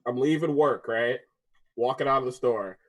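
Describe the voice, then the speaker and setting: A young man co-hosting a casual debate podcast, telling stories with lively energy and frequent laughs. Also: mid-range voice, moderate pace. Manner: animated storyteller, laughs often, acts out voices. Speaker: podcast co-host.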